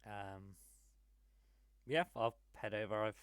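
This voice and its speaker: A man's voice: lowish voice, fairly even intonation, slow pace, smooth, dry recording. A man, playing a tabletop game casually and speaking for his character in a chatty way with frequent fillers. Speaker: player.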